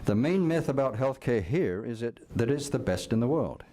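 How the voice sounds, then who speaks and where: An older man from England, a retired professor, giving prepared testimony at a hearing in a measured, formal way. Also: mid-range voice, lively intonation, warm tone.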